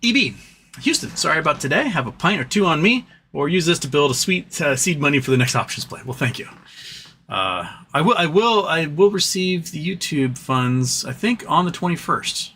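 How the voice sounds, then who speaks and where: A man's voice: a little high, moderate pace, slight background noise. Fed-up man venting on a livestream. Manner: frustrated, animated, swearing, stumbling restarts. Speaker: livestream host. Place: home office.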